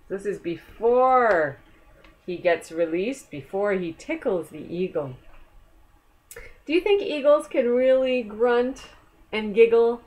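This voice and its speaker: A woman reading a picture book aloud to children, gentle and asking the listener questions. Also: mid-range voice. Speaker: storyteller.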